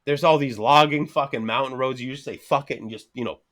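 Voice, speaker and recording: With a mid-range voice and fairly quick delivery, a Canadian man in his thirties tells a story as a podcast guest. The talk is casual and animated, peppered with constant cursing, mid-sentence laughs and acted-out dialogue.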